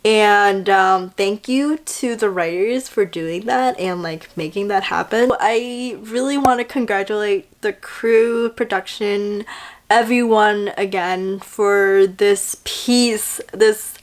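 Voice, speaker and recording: A young woman chatting casually in a vlog, reviewing a TV drama in an excitable way, with lots of "like" and little acted-out quotes. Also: medium pitch, slow pace.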